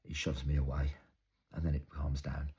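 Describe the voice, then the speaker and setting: A young man delivers a dramatic monologue in a very deep voice. His voice is strongly husky and rough. He tells the story intensely and haltingly, with frequent swearing. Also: flat delivery, mellow. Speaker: actor.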